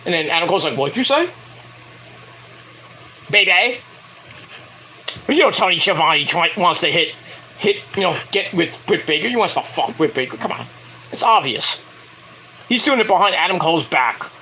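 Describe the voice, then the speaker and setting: A man's voice: a little high, normal speed, pauses often, slight background noise. A man casually recapping a wrestling show in a rambling, profane way, acting out what the wrestlers said in mock voices. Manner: rambling, animated, acts out quotes in mock voices.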